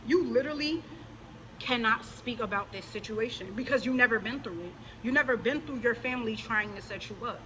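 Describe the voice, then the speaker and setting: A woman's voice: a little high, a little fast, pushed and bright, a little hiss or hum, rough recording. A woman vlogger delivering a scolding, confrontational rant straight to her viewers, mocking the people she addresses. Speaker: religious vlogger. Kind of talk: direct-to-camera rant.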